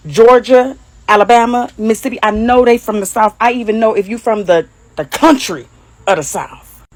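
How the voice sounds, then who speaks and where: A woman's voice: a little high, normal speed, darkish tone, dry recording, poor audio. A woman from Detroit with a Detroit accent, speaking in a blunt, mocking casual monologue and laughing often.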